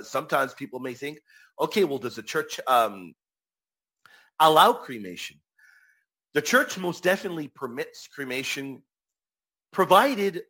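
A man's voice: mid-range voice, bright, forceful tone. A man answering viewer questions on faith in a casual live talk, emphatic and repeating his key phrases.

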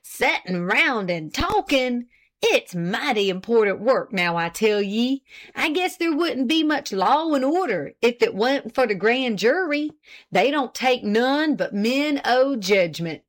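A woman's voice: fairly high pitch, very animated, slow, voice pushed up. A woman voicing a self-important older country husband who boasts in a rustic dialect. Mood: indignant.

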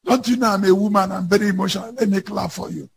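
A man's voice: high voice, fast talker, creaky. A man preaching who mimics a whiny, emotional woman churchgoer in a mocking way.

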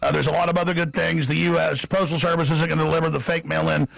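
A man hosting an interview show, emphatic and quick to interject. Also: a little high, flat delivery, vocal fry, fairly bright tone, no room sound. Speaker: talk show host. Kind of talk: interview talk.

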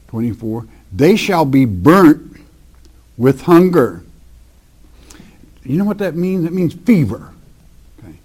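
A man teaching the Bible verse by verse, reading scripture slowly with emphasis and then explaining it in plain, folksy talk. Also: on the high side, warm tone.

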